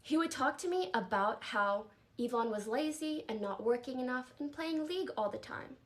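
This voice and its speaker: An emotional young woman speaks to her stream in a fairly high voice. She is earnest and apologetic and sounds close to tears, with a halting delivery. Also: expressive. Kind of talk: emotional livestream statement.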